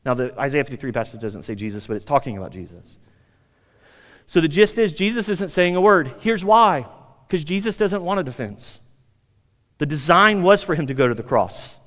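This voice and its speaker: A man's voice: on the high side, expressive, normal speed, fairly bright tone, long reverb tail. An American man preaching a sermon, casual and emphatic, sometimes acting out the people in his story. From United States. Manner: conversational, emphatic, acts out quoted speakers. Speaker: pastor.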